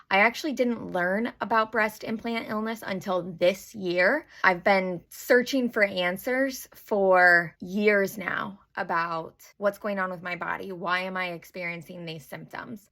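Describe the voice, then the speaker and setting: A woman's voice: medium pitch, bright, forceful tone. A woman telling her personal story straight to camera in a candid, nervous, self-deprecating way, at times tearful. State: emotional, tearful. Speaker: vlogger.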